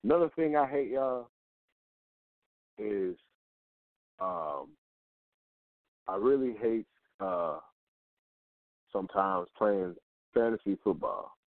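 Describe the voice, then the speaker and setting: A rant-show host with a lowish, expressive voice takes it slowly and pauses often. His casual rant is blunt, profane and repetitive, hammering each point with rhetorical questions, and the dry recording sounds tinny, like a phone line.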